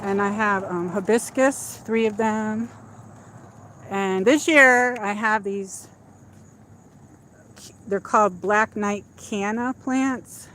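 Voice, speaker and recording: Strolling outdoors in a shopping area at dusk, a livestream host chats casually into her handheld phone, rambling with many fillers. Her voice is medium-pitched and fairly bright, slow with frequent pauses, and a slight background noise can be heard.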